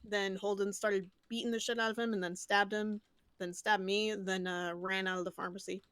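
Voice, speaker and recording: A woman's voice: mid-range voice, flat delivery, normal speed, fairly bright tone, clear, resonant tone, no room sound. A woman in a game roleplay, telling what happened in a loose, rambling way.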